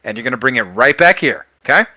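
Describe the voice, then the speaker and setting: A man's voice: mid-range voice, expressive, fast, sharp tone, dry recording. A man voicing a brash, bossy male satyr ringmaster who swears and barks orders in a tabletop game. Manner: gruff, swearing, ordering people around.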